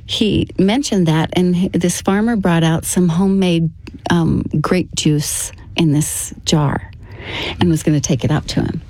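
Low mellow woman telling a story. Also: no echo. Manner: halting, with frequent restarts and fillers. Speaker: interview guest. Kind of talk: casual storytelling.

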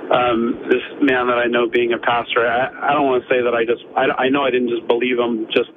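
A man's voice: medium pitch, little pitch movement, fairly quick, background noise. Hesitant male caller on a tinny phone line. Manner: hesitant, stumbling, repeats words. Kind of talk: phone-in call. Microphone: telephone.

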